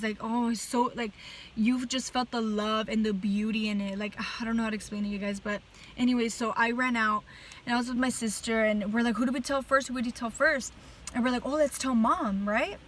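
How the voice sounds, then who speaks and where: A woman telling a dream story straight to camera. Her voice sits a little high, and she talks in an earnest, animated way. She keeps filling her sentences with "like" as she tries to get the details across. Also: rough recording. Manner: chatty, heavy use of "like" fillers. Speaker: person giving a religious testimony.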